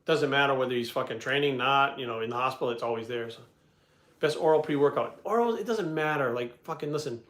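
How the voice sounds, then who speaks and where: Blunt, profane man, coach type; rapid delivery, roomy echo. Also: medium pitch, a bit bright. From Providence, Rhode Island. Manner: blunt, heavy swearing, rambling asides. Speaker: bodybuilding coach answering questions. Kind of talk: casual storytelling and Q&A. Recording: echoey room.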